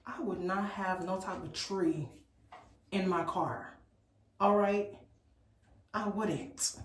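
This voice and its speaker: A woman from Memphis telling a storytime in an animated, incredulous, chatty way. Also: medium pitch, slow, reverberant, far from the mic, a little hiss or hum, low-quality recording. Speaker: vlogger. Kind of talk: storytime vlog.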